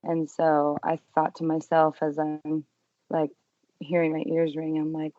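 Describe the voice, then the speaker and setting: Young adult woman, low voice, earnest guest recounting her ordeal, dry muffled recording. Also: monotone, unhurried, dry recording. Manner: earnest, emotional retelling with quiet hushed quotes. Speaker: podcast guest. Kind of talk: personal testimony in an interview.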